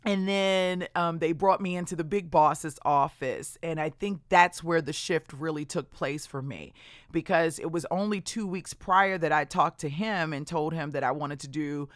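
A woman's voice: deep voice, normal speed, dry recording. Woman host telling her story, dry sound. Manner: candid, conversational retelling that acts out other people's words. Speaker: podcast host. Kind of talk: personal storytelling.

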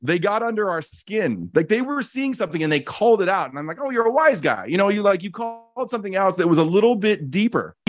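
Earnest and reflective, a man teaches as a podcast host in a fairly high voice, recorded dry. He leans on repeated key phrases for emphasis and frequently restarts with casual fillers.

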